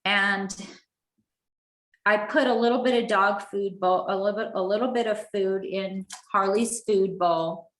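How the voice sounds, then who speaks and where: A middle-aged woman earnestly telling a personal story as a guest, halting and restarting her sentences. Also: medium pitch, fairly even intonation, fairly bright tone. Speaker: guest speaker. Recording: roomy echo.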